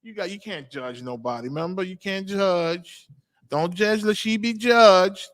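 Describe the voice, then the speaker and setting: Male host, preaching commentary, emphatic and repetitive, fairly high, bright voice. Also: a little slow. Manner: emphatic, repeats phrases and asks 'you understand?'.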